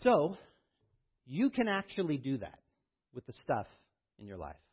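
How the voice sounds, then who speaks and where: A man preaching a sermon as pastor, reading scripture with rising intensity and then talking in a low, quiet voice. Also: huge pitch swings, a little slow, husky, muffled recording.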